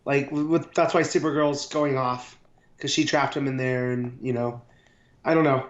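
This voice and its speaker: A man co-hosting a casual comic book review podcast, giving his opinions in a relaxed, agreeable way. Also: medium pitch, normal speed. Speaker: podcast co-host. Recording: roomy, dull lo-fi sound.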